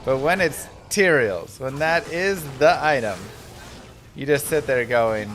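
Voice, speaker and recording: A man's voice: medium pitch, lively intonation, unhurried, a bit bright. Chatty man streaming a game, noisy audio. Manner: rambling, chatty, talks to chat. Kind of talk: casual live-stream commentary.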